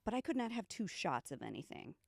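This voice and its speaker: A woman's voice: mid-range voice, big pitch swings, a little fast, creaky, dry recording, studio quality. A woman guest on a comedy podcast, chatty and self-deprecating. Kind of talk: casual comedy podcast chat.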